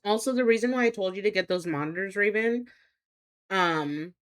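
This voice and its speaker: A woman's voice: mid-range voice, normal speed. Rambling young woman streamer, full of fillers. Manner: rambling, hesitant, many fillers and restarts. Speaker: live streamer. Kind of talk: casual chat with viewers. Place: home streaming setup.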